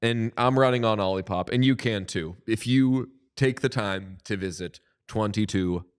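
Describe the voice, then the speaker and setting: A man's voice: lowish voice, normal speed, clear, resonant tone. A man co-hosting a podcast, chatting casually and jokingly, including a playful ad read. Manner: playful, jokey, animated ad reading. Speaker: podcast co-host.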